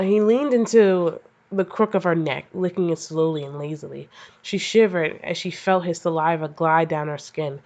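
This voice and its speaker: Woman reading fan fiction aloud, profane asides, stumbles over words, lowish voice, muffled lo-fi sound. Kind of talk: comedic reading with crude asides. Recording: slightly dull lo-fi audio.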